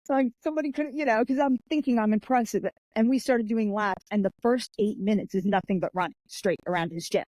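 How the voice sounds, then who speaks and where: A woman telling stories in a podcast interview, animated and expressive, slipping into the voices of the people she describes. Her tone is mellow and warm rather than bright. The sound is dry and close, with no room echo. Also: on the high side, a little fast, few pauses. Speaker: guest, author and martial artist.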